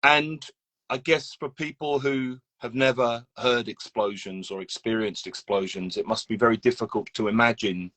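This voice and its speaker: A man's voice: medium pitch, fairly even intonation, moderate pace, fairly bright tone. A man hosting a live video interview, listening attentively, agreeing often and restarting his questions. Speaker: host. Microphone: phone on a live video call.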